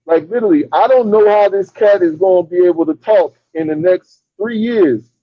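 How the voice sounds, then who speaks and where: A man's voice: high-pitched, normal speed, no room sound. A man giving emphatic, dismissive boxing critique as a podcast co-host. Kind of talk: casual boxing chat. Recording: dull dry lo-fi audio.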